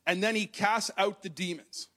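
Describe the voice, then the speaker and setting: A male pastor with a fairly high voice preaches to the people in the room. He reads passages of scripture aloud, then unpacks them in a plain, conversational way and speaks straight to his listeners. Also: moderate pace, pushed and bright. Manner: addresses the congregation directly. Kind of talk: sermon. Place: church hall with congregation.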